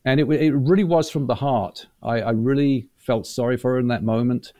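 Guy rambling through a story on a podcast, mid pitch, dry close mic, acts out the voices. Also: a little fast, no echo. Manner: chatty, animated storyteller, acts out quotes. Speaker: guest, former reality show butler. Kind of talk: casual interview storytelling.

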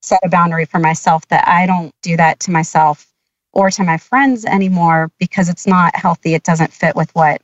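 A woman's voice: on the low side, moderate pace, no echo. Hesitant woman on a dull, dry line. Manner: thoughtful, slightly hesitant. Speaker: guest. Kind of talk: casual conversation.

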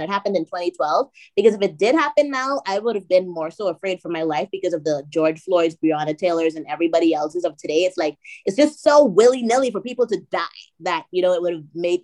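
Animated Bahamian woman telling a story. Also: lowish voice. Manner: animated, acts out dialogue with voices. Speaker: guest. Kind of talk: storytelling on a podcast.

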